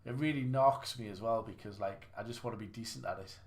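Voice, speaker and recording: A gaming livestreamer plays snooker live, chatting casually, mocking his own play, and rambling with frequent restarts. His voice is on the low side and his pace is quick.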